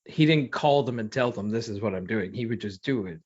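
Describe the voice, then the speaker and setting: Man, sports podcast co-host, jokey, quick asides, slightly dull lo-fi audio. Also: lowish voice, a little mellow. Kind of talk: casual sports chat.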